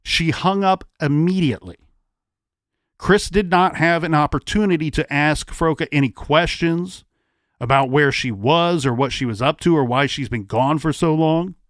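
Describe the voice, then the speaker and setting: A man co-hosting a true crime podcast, laying out a case timeline in measured, deliberate steps. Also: fairly high pitch, fairly bright tone, dry recording, studio quality. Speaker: podcast co-host.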